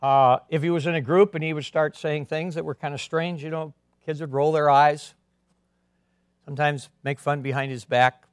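A man preaching a sermon as a pastor, earnest, swinging between emphatic and quiet delivery. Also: a little high, steady tone, moderate pace, clear, resonant tone, no echo, studio quality.

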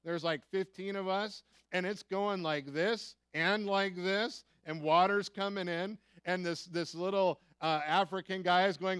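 A man's voice: high voice, moderate pace, fairly bright tone, clear, resonant tone, no room sound. An American man preaching a sermon as pastor, emphatic, repeating key phrases and asking the listeners rhetorical questions.

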